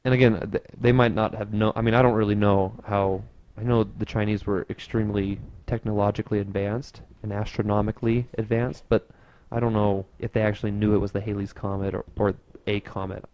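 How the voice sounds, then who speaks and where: A man's voice: on the low side, little pitch movement, fairly quick, a little mellow, no echo, muffled recording. A young man co-hosting a casual podcast, rambling loosely with lots of fillers and easy laughs. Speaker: podcast co-host.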